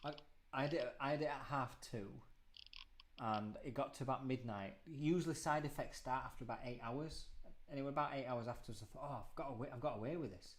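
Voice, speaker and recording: A man's voice: mid-range voice, slight background noise. A man in his thirties hosting a casual chat over a video call, teasing his guests, laughing often and rambling through anecdotes. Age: 30s. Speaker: host.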